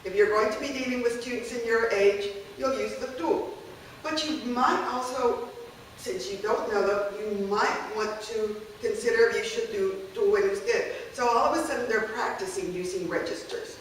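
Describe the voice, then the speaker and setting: A woman's voice: on the high side, moderate pace, slight background noise. A woman teacher giving a conversational workshop talk on classroom activities, often checking in with the audience. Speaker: language teacher presenting a workshop. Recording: echoey room, voice from a distance.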